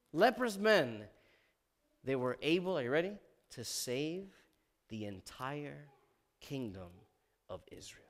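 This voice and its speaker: A man preaching a sermon in a church sanctuary, reading scripture aloud and breaking off with loud emphasis, low asides and calls of "amen?".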